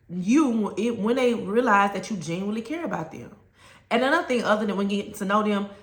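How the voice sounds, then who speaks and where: A woman who is a former teacher talks other teachers through classroom advice in a bright, forceful voice. She tells stories from her classroom and drives each point home by repeating it. The sound is roomy, with a clear echo around her. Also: mid-range voice. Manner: emphatic, storytelling, repeats key points. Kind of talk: conversational advice talk to teachers.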